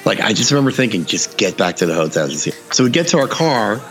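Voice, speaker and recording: A man's voice: lowish voice, quick pace, faint music behind. A man co-hosting a casual chat, telling stories and acting out the voices of the people in them. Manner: animated storyteller, acts out quotes.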